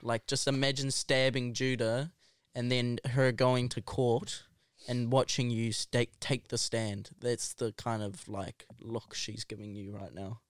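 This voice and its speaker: A man's voice: mid-range voice, flat delivery, measured pace, no echo, studio quality. Teasing young New man. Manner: teasing, playful, laughs often. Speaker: podcast co-host. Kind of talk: casual chat.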